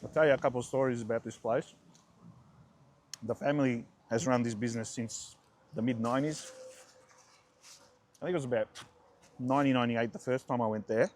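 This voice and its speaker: Australian man, 40s, mid-range voice, relaxed rambling food vlogger. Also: mid-range voice, brisk, long pauses, slight background noise. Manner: chatty, relaxed, rambling anecdotes with restarts. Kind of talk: casual food vlog storytelling.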